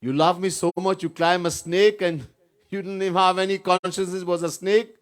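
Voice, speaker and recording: A man's voice: a little high, moderate pace, a bit bright, voice pushed up, natural voice. A man preaching voices a wife scolding her husband, with a reproachful, mildly mocking tone. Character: scolding wife of a poet-saint.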